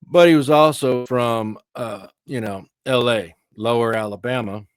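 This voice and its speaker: A man's voice: medium pitch, measured pace, smooth, no room sound. A man with a Texan twang, guesting on a casual interview podcast. He tells stories in an easygoing, chatty way, full of little asides, in a mid-range voice. The recording sounds dry and close. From Texas. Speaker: guest, veteran and author.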